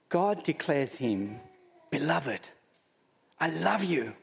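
Slow-preaching Australian pastor, man. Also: on the high side, lively intonation, in a large hall. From Sydney, Australia. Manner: conversational preaching with rhetorical questions and humorous asides. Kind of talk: sermon.

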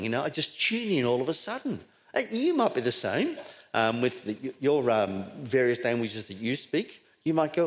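A man's voice: on the high side, moderate pace. Scottish-born guy preaching a sermon, voice swoops up and down, keeps asking questions. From Scotland. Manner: animated, rhetorical questions, repeats words when emphasising.

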